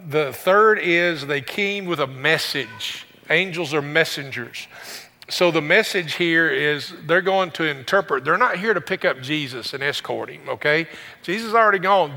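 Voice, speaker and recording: A male pastor delivers a sermon in a bright, forceful voice, pitched a little above the usual for a man. He keeps it conversational, tossing joking asides to the congregation. The sound carries a long reverb from a big church room.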